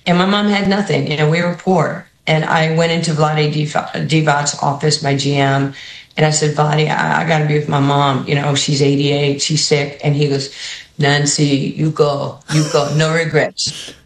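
A woman with a New York accent, coaching basketball, tells stories in an interview. She acts out the people she quotes with an animated, lively delivery. Her voice carries a roomy studio echo. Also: deep voice, moderate pace. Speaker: basketball head coach, guest. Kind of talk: storytelling interview answers.

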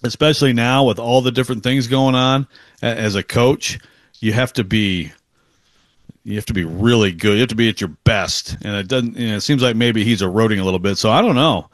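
A man's voice: mid-range voice, fairly quick, dry recording. A man from Western Michigan co-hosting a sports radio show, talking in a rambling, casual way with many restarts. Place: radio studio.

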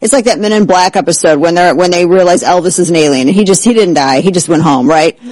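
A man hosting a talk show, excitable and sarcastic, who keeps breaking into exaggerated impressions. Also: high voice, quick pace, dry recording, poor audio. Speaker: host. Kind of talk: animated political talk show banter.

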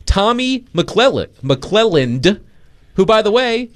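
Lively, mocking male sports talk host. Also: sits high, slow. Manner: animated, mocking, laughs while talking.

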